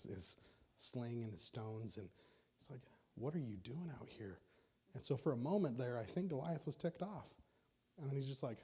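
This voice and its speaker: Husky, mellow man preaching casually. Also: mid-range voice. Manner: casual storytelling preaching with many restarts. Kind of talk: sermon.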